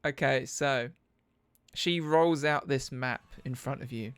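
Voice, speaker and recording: A man's voice: medium pitch, takes it slowly, fairly bright tone, smooth, no echo. A man narrating a tabletop game as game master, laughing and a little self-conscious.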